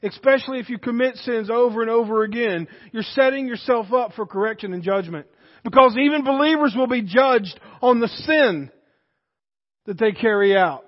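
High-voiced pastor preaching with fervor. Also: male voice, normal speed. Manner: swings between shouted exhortation and hushed intensity. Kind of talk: impassioned sermon. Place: church sanctuary. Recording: dull recording with long reverb in a church hall.

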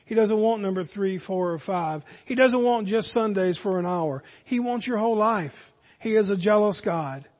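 High-voiced preacher in a reverberant hall. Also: male voice, normal speed. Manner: earnest preaching, addresses the congregation as folks. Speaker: pastor. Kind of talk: sermon. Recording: dull recording with long hall reverb.

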